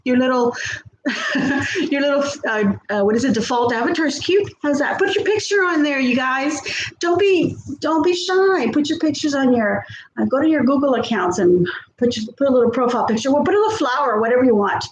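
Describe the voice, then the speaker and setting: A woman's voice: high voice, animated, brisk. A woman hosting a casual livestream, chatting with viewers and greeting them by name. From Texas. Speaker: livestream host. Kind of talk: casual livestream chat reading viewer comments. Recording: echoey room with faint background noise.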